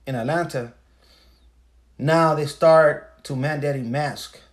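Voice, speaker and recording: A man's voice: fairly high pitch, slow. A man hosting a podcast, telling a story in a casual, profane, emphatic rant full of rhetorical questions. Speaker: podcast host. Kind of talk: casual ranting monologue.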